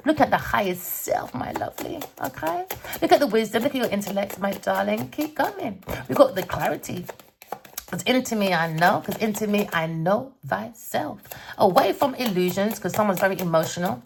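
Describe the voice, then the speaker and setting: A woman's voice: mid-range voice, animated, moderate pace, gravelly, slight background noise. A woman giving a theatrical tarot reading, sing-song and cussing, calling listeners darling. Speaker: tarot reader.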